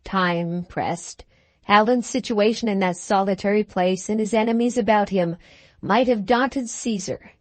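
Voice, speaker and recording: A woman narrating an audiobook in a slow, deliberate reading. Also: medium pitch, a little mellow, dry recording.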